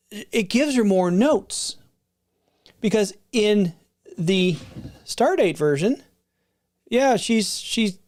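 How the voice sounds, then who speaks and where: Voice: mid-range voice, darkish tone. A middle-aged video creator chatting casually and unscripted, rambling with frequent restarts and asides. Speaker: video creator reviewing film releases.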